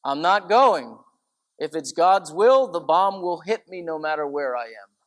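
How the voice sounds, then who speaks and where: A man voicing a calm, faithful elderly nun with a gentle, firm humor. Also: on the high side, unhurried.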